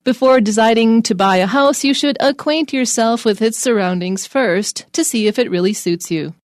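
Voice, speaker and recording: Woman, fairly high voice, jokey English teacher, dry studio sound. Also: dry recording. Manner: jokey, laughs often, quick asides. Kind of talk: playful English lesson.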